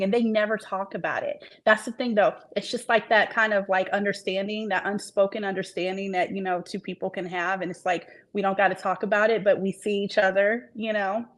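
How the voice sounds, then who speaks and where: A woman's voice: medium pitch, fairly even intonation, fairly quick, hardly any pauses. Earnest woman author, reflective and rambling. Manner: earnest, reflective, trails off with fillers. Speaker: author guest. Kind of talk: casual interview chat.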